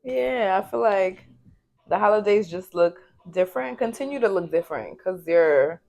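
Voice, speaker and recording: A woman's voice: medium pitch, expressive, moderate pace, gravelly, a little mellow. A woman co-hosting a podcast, listening supportively and reflecting in casual chat. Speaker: podcast co-host.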